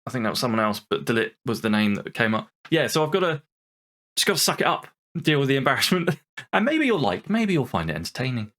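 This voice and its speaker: A man's voice: mid-range voice, big pitch swings, fast talker, fairly bright tone. A man hosting a gaming channel, giving exasperated, sweary commentary over a football management game. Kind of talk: let's-play commentary.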